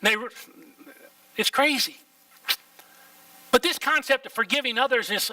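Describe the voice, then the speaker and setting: A man's voice: very high-pitched, bright, forceful tone, dry recording, distant mic, low-quality recording. An older male pastor, preaching a folksy sermon in church and throwing out rhetorical questions. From Oklahoma, USA. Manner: folksy, plain-spoken, full of rhetorical questions. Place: church sanctuary.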